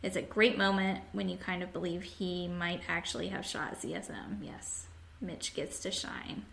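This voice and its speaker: A woman's voice: on the low side, fairly even intonation, normal speed, creaky, a bit bright, slight background noise. A woman hosting a podcast, casually chatting and reading listener comments aloud with frequent laughs. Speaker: podcast host.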